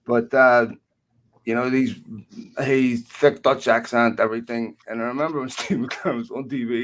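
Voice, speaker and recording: A man's voice: medium pitch, moderate pace, a bit bright, low-quality recording. A man talking football on a live fan show, chatty and addressing his fellow panelists, laughing at his own stories. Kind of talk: live online football talk.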